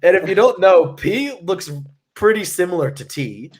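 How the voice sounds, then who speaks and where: Very animated and high-pitched, a young podcast co-host rambles through stories for a live chat at a normal pace. He curses freely and stuffs his talk with fillers, leaning heavily on "like."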